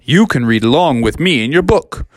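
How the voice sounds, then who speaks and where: A podcast storyteller reading a children's story in a relaxed, rambling way with fillers. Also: medium pitch, normal speed, dry recording, clean studio sound.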